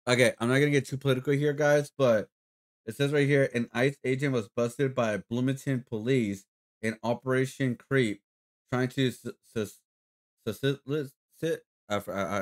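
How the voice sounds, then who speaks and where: A man's voice: mid-range voice, steady tone, moderate pace. Casual, profane male streamer. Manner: loose, profane, laughing reactions.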